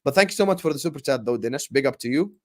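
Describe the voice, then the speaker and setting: A man hosting a casual football fan livestream, ranting passionately and giving shout-outs to viewers, often repeating and restarting words as he gets worked up. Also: medium pitch, lively intonation, very fast. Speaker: football fan channel host.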